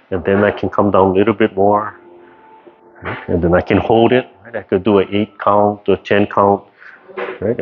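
Relaxed man teaching over a video call. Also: fairly low pitch. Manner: relaxed, rambling, frequent "right?" check-ins. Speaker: tai chi instructor. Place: community class, indoors. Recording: dull lo-fi video call audio with faint noise.

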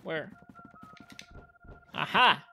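A man hosting a let's play, commenting on the gameplay, yelling and cursing at the game, then muttering quietly. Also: very slow, soft background music.

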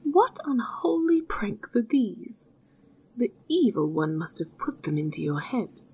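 A woman's voice: lowish voice, expressive, unhurried, darkish tone, slightly rough, heavily acted. A woman voicing an older father who scolds his son in a weary, stern way in a storybook reading. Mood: scolding.

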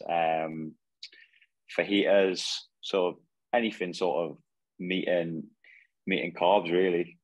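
A man's voice: deep voice, no echo, muffled recording. A man in his twenties from Northumberland, answering modestly and hesitantly with many fillers. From Northumberland, England. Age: 20s. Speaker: footballer guest. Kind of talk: casual interview.

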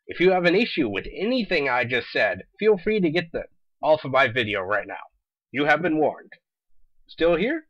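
A young man delivering a sarcastic, exasperated comedic rant in an animated way, on slightly dull lo-fi audio. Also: medium pitch, no echo. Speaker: vlogger.

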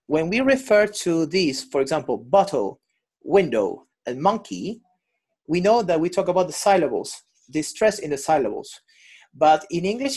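A man's voice: a little high, breathy edge. A male English teacher running an online class over a video call, patiently explaining and repeating examples.

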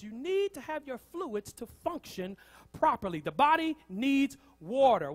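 A male pastor preaching a sermon, repeating lines and calling on the congregation to respond. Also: very high voice. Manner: lively preacher, repeats lines, calls on the crowd. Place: church. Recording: church hall reverb.

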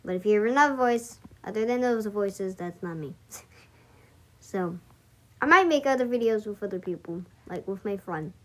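A woman's voice: mid-range voice, expressive, normal speed. A woman giving rambling, hesitant commentary while playing a game, with frequent giggles. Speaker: channel owner. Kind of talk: casual gameplay commentary. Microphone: screen recording with voice mic.

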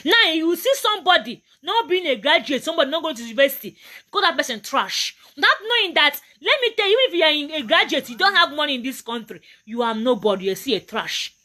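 A woman's voice: high-pitched, sharp tone. A Nigerian woman giving a motivational talk to camera, emphatic and preachy, often repeating her points. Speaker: motivational vlogger.

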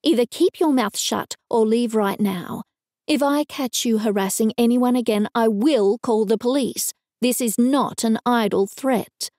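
An Australian woman voicing a sharp-tongued young woman funeral director, curt and stern in an audiobook. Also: a little high, measured pace, no echo, studio quality, lightly acted. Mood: stern, snapping. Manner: curt and raised when snapping.

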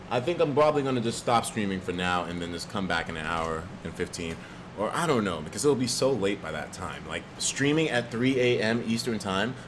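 A man chatting casually on a live stream, profane and animated, reading out viewer donations with sudden loud jumps in pitch. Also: slight background noise. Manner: reads viewer donations aloud.

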